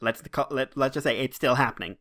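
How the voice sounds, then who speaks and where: A man's voice: mid-range voice, fast, fairly bright tone. An Irish man co-hosting a podcast in casual chat, rambling and ranting with free swearing. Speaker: podcast co-host.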